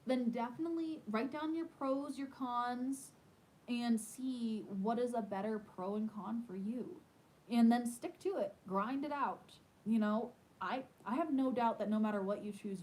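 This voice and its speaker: Chatty mom telling family stories. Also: female voice, on the high side, a little hiss or hum, rough recording. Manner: chatty, animated storytelling with many "like"s. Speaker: homesteading podcast host. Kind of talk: casual chat.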